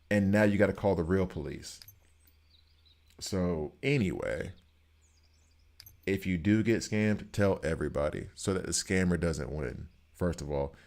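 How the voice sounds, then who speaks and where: Deep-voiced male streamer, casual and emphatic, animated storyteller. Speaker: gaming streamer. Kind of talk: casual chat while streaming a game.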